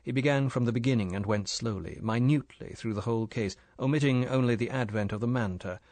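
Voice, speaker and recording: A male narrator works through an audiobook script in a level, unhurried storytelling manner. The recording has no echo, and his voice falls in the middle range.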